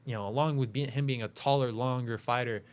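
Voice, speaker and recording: A man's voice: medium pitch, fairly even intonation, fast talker, clean tone. Guy hosting, rambles through fight picks, lots of you-knows and i-believes. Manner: rambling, many fillers and self-corrections. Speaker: podcast host making fight picks. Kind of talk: casual fight breakdown chat.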